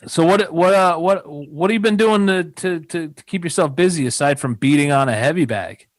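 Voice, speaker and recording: A man hosting a casual podcast chat, asking easygoing, halting questions. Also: on the high side, no room sound. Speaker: podcast host.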